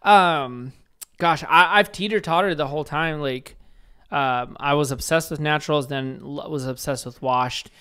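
A man's voice: fairly high pitch, unhurried, clean tone. A man co-hosting a podcast, talking casually, hedging and trailing off with small laughs. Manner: hesitant, laughing, trails off quietly. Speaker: podcast co-host.

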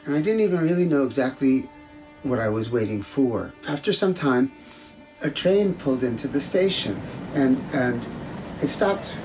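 A man's voice: mid-range voice, a little mellow. A man recounting a dream in a hesitant way, often repeating words as he searches for them. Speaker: interviewee.

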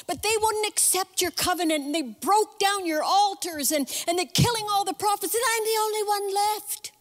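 A woman voicing a despairing male prophet who pleads and complains in a high voice. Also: normal speed, big-room sound. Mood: complaining.

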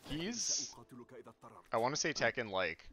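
Sharp-toned man muttering through tech fixes. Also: very animated, takes it slowly, faint music behind. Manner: distracted, mutters to himself at low level. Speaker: stream co-host. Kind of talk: casual gaming chat.

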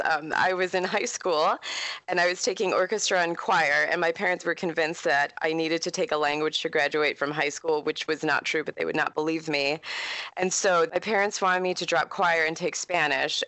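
A woman, speaking as an author and historian in a casual interview. Her voice sits a little low, and she talks in a chatty, animated way. The sound is dry and close, with no room echo. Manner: chatty, animated storyteller with frequent laughs.

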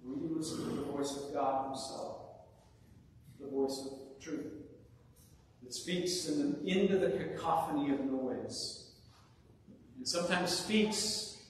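A man preaching a sermon as pastor, with rhetorical questions and dramatic pauses, in a church sanctuary. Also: a little high, a little hiss or hum. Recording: echoey hall from far off.

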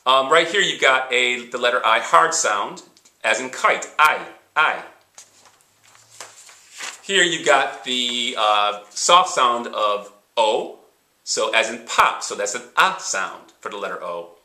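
Man, teacher, patient explainer, sounds out syllables, crisp bright tone, reverberant room. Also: mid-range voice, animated. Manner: patient, repeats examples, sounds words out slowly. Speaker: high school teacher. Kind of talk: instructional explanation.

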